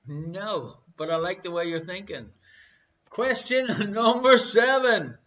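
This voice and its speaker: A man with an Irish accent hosting a live online quiz, playful and repeating each question slowly. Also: high voice, a bit bright, lo-fi sound. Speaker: quiz host.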